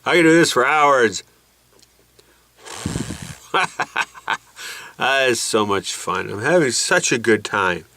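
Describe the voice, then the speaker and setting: A man's voice: medium pitch, expressive, slow pace, long pauses, bright, forceful tone, a little hiss or hum. A man telling a rambling, jokey vlog story with his nose packed by a balloon, putting on voices as he goes. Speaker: vlogger.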